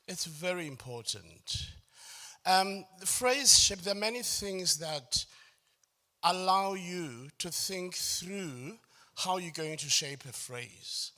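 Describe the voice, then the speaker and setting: His voice sits high and animated, pushed and bright, and he takes his time. As facilitator of a choral music workshop, he lectures on phrasing in clear steps, regularly asks "does it make sense?", and hums or sings snippets to show what he means.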